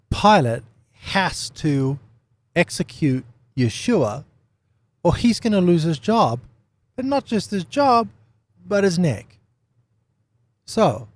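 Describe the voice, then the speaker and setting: A man giving an unscripted Bible study talk, animated, with lots of rhetorical questions and repeated phrases. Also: fairly high pitch. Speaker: Bible teacher.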